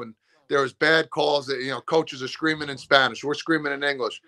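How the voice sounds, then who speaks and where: A man in his thirties, a former ballplayer, telling lively stories in a casual interview and acting out what he said to teammates. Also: mid-range voice, a little fast, creaky. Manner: animated, acts out pep talks. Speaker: former baseball player, guest.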